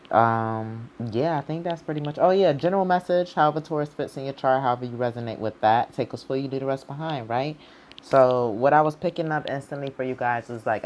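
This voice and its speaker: A tarot reader gives a casual, rambling reading for his channel, full of fillers like "like" and "you know," loose informal talk and the odd swear word. His voice is medium-pitched, with slight background noise.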